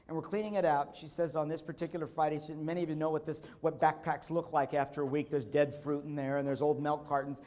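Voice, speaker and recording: A middle-aged man speaking from a conference stage, with a slightly high voice. He tells stories earnestly and stretches out key words to drive them home. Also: steady tone, a little mellow. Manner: storytelling, earnest, slows for emphasis. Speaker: keynote speaker. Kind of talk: motivational conference speech. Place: conference hall.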